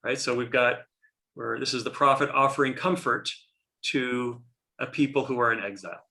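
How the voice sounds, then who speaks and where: A man's voice: medium pitch, fairly even intonation, moderate pace, creaky, sharp tone. A man teaching a class on a prayer text, explaining as he goes and often restarting his sentences. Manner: explanatory, thinking aloud with many restarts.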